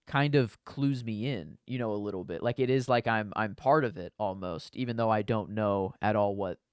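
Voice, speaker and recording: A man co-hosting a podcast in a relaxed, rambling chat, often circling back with "you know". His voice is smooth and clear. The sound is dry and close, with no room around it. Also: lowish voice, moderate pace, no room sound. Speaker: podcast co-host. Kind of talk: casual movie discussion.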